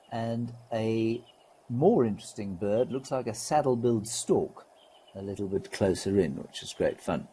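A man hosting a live wildlife stream, talking in a relaxed, gently wry way and greeting viewers. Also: lowish voice, measured pace, breathy edge, rough recording.

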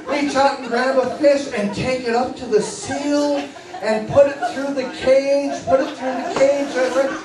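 A man working as a stage hypnotist, guiding volunteers through suggestions with slow, coaxing, playful patter. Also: very high-pitched, steady tone, crowd noise. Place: party venue with audience. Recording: echoey room from far off, faint music.

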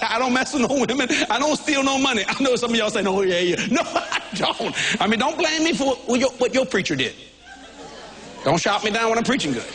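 Man preaching, folksy storyteller, high lively voice, bursts of shouting. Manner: animated, folksy, often shouting and laughing. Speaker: pastor. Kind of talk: sermon with comic storytelling.

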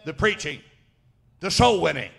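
A pastor preaching with fire, his voice sitting high and carrying a gravelly rasp. He shouts out some points and drops low and soft for others, with a lilt. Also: sing-song, moderate pace. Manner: fiery, shouting and dropping low by turns. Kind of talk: sermon.

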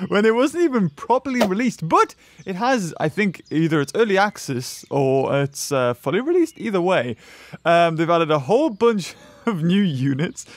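A man giving excitable gameplay commentary, laughing and yelping at the on-screen action. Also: high-pitched. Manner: shrieks and laughs at the action, fast chatter. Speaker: gaming YouTuber.

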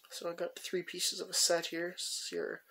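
A man with a slightly high, gravelly voice talks through his collection at an easy pace. He rambles casually and pauses often as he picks up each piece. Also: completely flat delivery, pushed and bright. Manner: rambling, chatty, many "uh" pauses while handling tools. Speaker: tool collector showing his finds. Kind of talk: casual show-and-tell narration.

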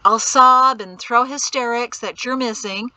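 A woman's voice: on the high side, measured pace, sharp tone, no room sound, voice pushed up, rough recording. A woman doing a defiant young son. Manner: raised, insistent, defiant. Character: stubborn headstrong young adult son.

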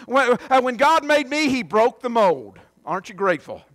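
A man's voice: very high voice, big pitch swings, normal speed, fairly bright tone, no echo. A man. His delivery is folksy and earnest, full of restarts and asides. The sound is dry and close. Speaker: pastor. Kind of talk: sermon and prayer. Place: church sanctuary.

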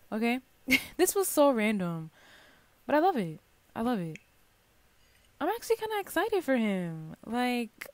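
Young woman, slangy chatty gameplay commentary, higher voice, dry close mic. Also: no room sound. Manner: chatty, slangy, talks to her viewers while playing, bursts of excitement. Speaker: gaming channel host. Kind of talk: casual Let's Play commentary.

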